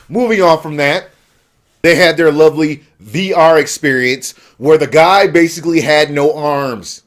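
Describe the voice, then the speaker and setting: A man's voice: fairly high pitch, measured pace. A man ranting heatedly about a gaming event, exasperated and sarcastic. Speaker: gaming vlogger. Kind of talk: angry rant.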